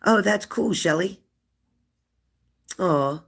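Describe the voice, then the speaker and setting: A middle-aged man runs a relaxed livestream, reading viewer comments aloud. He talks in a chatty, teasing way and asks the same question twice over. His voice sits a little on the high side for a man. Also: extremely slow, gravelly, husky. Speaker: livestream host.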